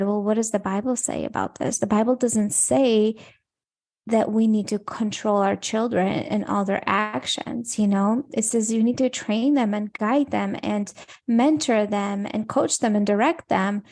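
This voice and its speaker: A woman hosting a faith podcast, talking earnestly in a casual conversational way with many quick "like" asides. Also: mid-range voice, steady tone, a little mellow. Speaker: podcast host.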